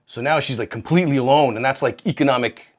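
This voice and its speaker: A man co-hosting a comedy podcast, retelling old stories in a profane, irreverent way and jumping into quoted voices. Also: fast talker. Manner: profane, animated, acts out quoted characters with big pitch jumps. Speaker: podcast co-host.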